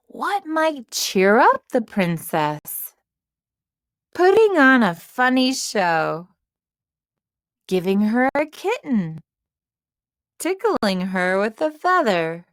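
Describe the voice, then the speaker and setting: Slow, storybook-clear woman narrator. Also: fairly high pitch, dry recording, studio quality. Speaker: teacher narrator. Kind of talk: children's writing lesson narration.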